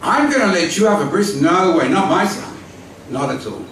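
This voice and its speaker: A man acting out a furious, forbidding father who shouts with a sharply raised, swinging pitch. The voice echoes strongly around a large hall and is picked up from some distance, with a faint hum behind it. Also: sing-song, normal speed. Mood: angry. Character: furious stubborn middle-aged father, fearful and forbidding.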